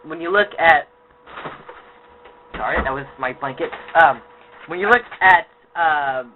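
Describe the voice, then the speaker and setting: A man's voice: fairly high pitch, measured pace, a little hiss or hum. A man hosting a podcast in casual chat, rambling with many restarts. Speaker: podcast host. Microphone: audio podcast. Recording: tinny lo-fi phone-like sound.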